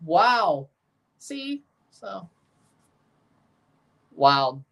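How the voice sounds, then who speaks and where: A man's voice: on the high side, normal speed, fairly bright tone. A man streaming casual, opinionated commentary as he watches a football match and talks to his viewers.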